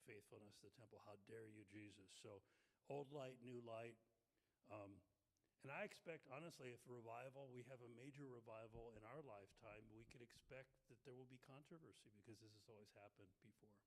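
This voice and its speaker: A man's voice: medium pitch, brisk. A man leading a casual Bible study discussion, explaining thoughtfully with frequent fillers and restarts. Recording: long hall reverb.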